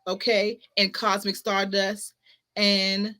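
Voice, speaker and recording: A woman's voice: medium pitch, flat delivery, takes it slowly, pushed and bright. A woman hosting a spiritual talk stream, preaching self-worth emphatically with slang and repetition, speaking indoors at her home streaming setup. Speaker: host of a spiritual talk show. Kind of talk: casual motivational livestream talk. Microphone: ring light setup, webcam-style stream.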